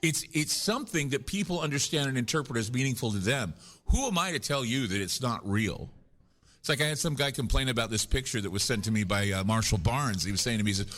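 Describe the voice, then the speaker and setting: A man with an expressive, fast, fairly bright mid-range voice is a guest at a paranormal conference, talking live. In casual conversation he tells long, meandering stories and cracks jokes about himself.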